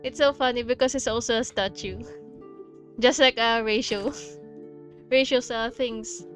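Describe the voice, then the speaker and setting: A woman's voice: a little high, steady tone, measured pace, a bit bright. Woman, game streamer, casual commentary, gushing, light music behind. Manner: chatty, gushing, lots of fillers and giggles.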